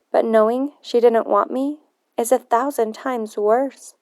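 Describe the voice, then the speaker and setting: Woman reading a novel, smooth and bright. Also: a little high, dry recording, studio quality. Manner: earnest, measured storytelling. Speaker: audiobook narrator. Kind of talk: first-person novel narration.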